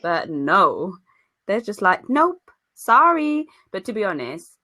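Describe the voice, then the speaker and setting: A woman's voice: fairly low pitch, a little slow. A young woman, co-hosting a podcast in casual chat and telling stories with acted-out quotes. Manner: lively storyteller, acts out quoted voices. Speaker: podcast co-host.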